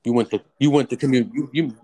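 A man's voice: rapid-fire, slightly rough. Young man telling a profane story. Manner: animated, profane storytelling with raised-pitch quotes. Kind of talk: casual storytelling chat.

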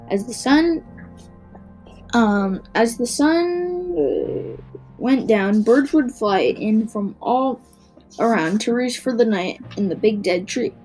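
A woman reading a children's book aloud, expressive, with small stumbles and restarts. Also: medium pitch, poor audio. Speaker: narrator.

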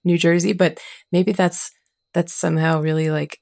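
A woman co-hosting a casual podcast, chatty and quick to laugh. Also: lowish voice, little pitch movement, creaky, darkish tone. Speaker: podcast co-host.

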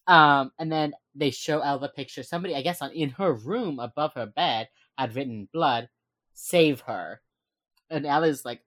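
A woman's voice: deep voice, lively intonation, normal speed, dry recording. A woman co-hosting a casual chat, retelling scenes with lots of energy, acting out lines and laughing often. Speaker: podcast co-host recapping a TV episode.

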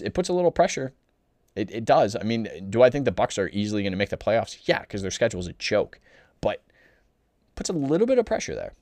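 A man delivering a blunt, opinionated sports talk monologue, exasperated and animated, often restarting his sentences. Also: on the low side, no room sound, clean studio sound. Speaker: sports commentator.

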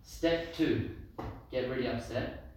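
A man teaching a lively Torah class as a rabbi, telling stories and acting out the voices in them. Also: mid-range voice, takes it slowly. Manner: animated storyteller, acts out voices, laughs with listeners. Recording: echoey room, far from mic, noisy.

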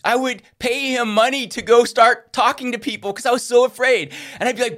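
A man's voice: very high-pitched, brisk, few pauses. A middle-aged man preaching a sermon, telling a personal story and acting out the voices he quotes. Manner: animated, acts out quoted voices.

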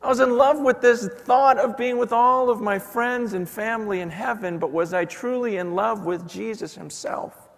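High-voiced man preaching in a hall. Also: moderate pace, creaky. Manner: storytelling with quoted voices, swinging from hushed to loud. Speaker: pastor. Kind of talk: sermon. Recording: long hall reverb.

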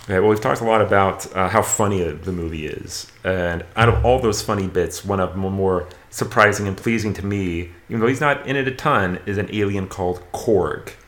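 A very deep-voiced man in casual movie-review chat, easygoing and a little rambling. The recording carries a roomy echo. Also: normal speed, few pauses, fairly bright tone. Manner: easygoing, rambling, with restarts and fillers. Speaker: podcast co-host.

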